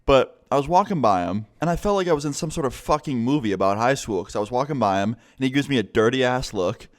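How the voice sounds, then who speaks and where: A man's voice: mid-range voice, animated, fast. A young man telling a story in a casual, rambling way, swearing a lot. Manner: profane, rambling, full of fillers. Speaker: vlogger.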